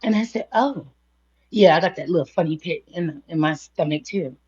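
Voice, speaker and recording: A woman's voice: low-pitched, brisk, darkish tone, husky, highs cut off. A woman telling a long personal story in a casual chat, laughing often and acting out what others said. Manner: chatty, laughs often, quotes others in a livelier voice. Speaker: guest speaker. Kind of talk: casual storytelling on a live audio panel.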